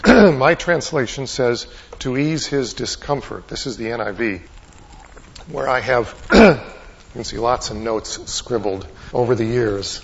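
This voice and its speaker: A man's voice: a little high, slightly rough. A man preaching a conversational Bible lesson, reading passages aloud and asking his listeners rhetorical questions. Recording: dull lo-fi recording.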